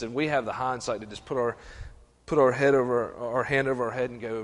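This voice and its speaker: A middle-aged man preaching a sermon, animated, stumbling and restarting, acting out voices. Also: medium pitch, moderate pace. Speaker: pastor. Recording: long reverb of a church hall.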